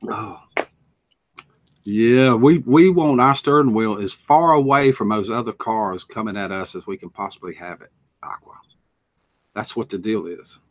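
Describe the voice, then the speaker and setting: Greeting his viewers in a folksy drawl, this North Carolina man with a Southern American accent runs a relaxed live stream chat. He speaks in a lowish voice at an unhurried pace.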